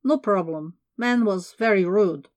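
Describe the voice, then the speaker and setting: A woman's voice: mid-range voice, a little slow, darkish tone, close to an everyday voice. A woman voicing a big, blunt Eastern European man with an Eastern European accent and broken English, in an audiobook. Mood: protective.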